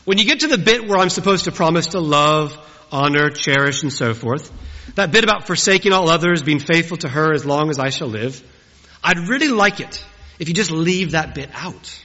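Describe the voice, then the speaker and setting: A preacher doing a scheming, nervous groom. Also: male voice, on the high side, animated, moderate pace, sharp tone. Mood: pleading. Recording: dull recording with long church reverb.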